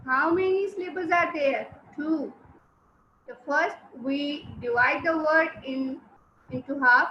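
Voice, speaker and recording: A woman teacher, giving an online class, repeating words and syllables slowly and giving brisk commands to students. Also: high voice, sharp tone, slight background noise. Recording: roomy, slightly dull sound.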